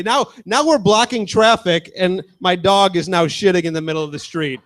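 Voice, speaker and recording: Crude young stand-up comic, high voice. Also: male voice, moderate pace, fairly bright tone. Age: 20s. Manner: casual, crude, talks with the crowd. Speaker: stand-up comedian. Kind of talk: stand-up set.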